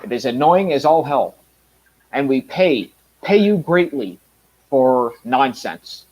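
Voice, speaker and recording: A man with a mild Canadian accent rambles to his viewers in a casual monologue, full of ums and false starts. He is blunt and talks at an ordinary middle pitch. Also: very animated, slow pace, darkish tone, rough recording. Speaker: reviewer.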